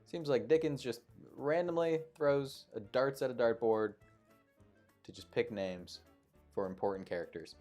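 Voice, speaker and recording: A man's voice: medium pitch, measured pace, darkish tone, soft background music. A man hosting a live online trivia show, reading questions and making playful, jokey asides between them. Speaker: quiz show host.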